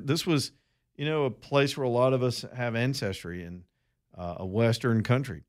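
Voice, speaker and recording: Hosting talk radio, a middle-aged Alabama man with a Southern accent spins a long, folksy, rambling story, addressing listeners as y'all. He speaks in a mid-range voice at normal speed.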